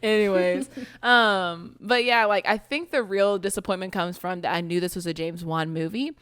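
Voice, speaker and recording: A woman's voice: on the low side, fairly even intonation, moderate pace, fairly bright tone, smooth, no room sound, studio quality. A young woman co-hosting a casual podcast chat, blunt and laughing often as she swears through her opinions. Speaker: podcast co-host.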